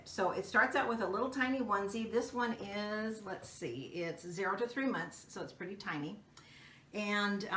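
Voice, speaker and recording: A woman's voice: mid-range voice, pushed and bright. A woman hosting a casual craft tutorial, chatting her way through each step in a homey, think-aloud manner.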